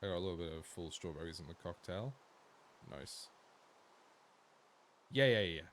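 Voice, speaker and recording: An Australian man streaming a game, chatting casually with his viewers and swearing freely, swinging from low mumbles to sudden loud outbursts. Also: expressive, moderate pace.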